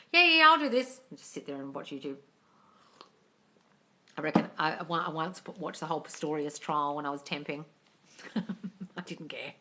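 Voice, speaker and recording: Blunt, bright-toned woman, low-pitched. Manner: blunt and profane, calls listeners darling. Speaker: manifesting coach. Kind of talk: livestream Q&A reading out comments.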